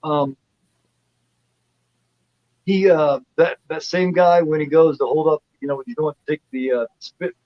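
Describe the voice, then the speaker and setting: A man's voice: fairly high pitch, fairly even intonation, measured pace, long pauses, dry recording. A man co-hosting a casual film review livestream, retelling scenes in a rambling way with many fillers and restarts. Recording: dull lo-fi dry sound.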